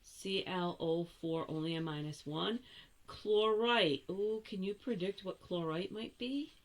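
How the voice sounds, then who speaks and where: Slow, chatty older woman teaching chemistry. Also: lowish voice. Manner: chatty, self-correcting, playful asides. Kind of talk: recorded classroom lesson.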